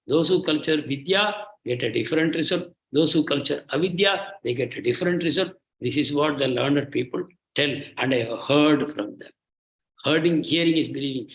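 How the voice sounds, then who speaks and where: A man's voice: on the high side, a bit bright, reverberant, poor audio. A man giving a lecture on scripture, speaking emphatically, repeating phrases and checking in with "hmm?". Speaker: spiritual teacher.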